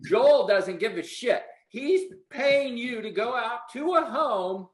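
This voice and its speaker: Guy giving a blunt preachy sales pep talk, swears a bit, high voice. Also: lively intonation, slow, roomy sound, poor audio. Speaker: sales trainer. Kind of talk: motivational sales coaching.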